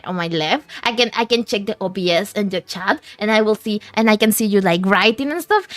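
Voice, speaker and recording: A woman's voice: a little high, dry recording. A woman VTuber chatting casually with her stream chat in a rambling, giggly way, often restarting her words, at a desk mic.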